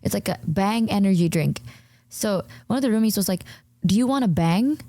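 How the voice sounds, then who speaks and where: A young woman streamer, not a native English speaker, telling a rambling, animated story in casual chat with many fillers. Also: a little fast, no echo, studio quality. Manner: rambling, animated, full of fillers, jumps high when telling stories.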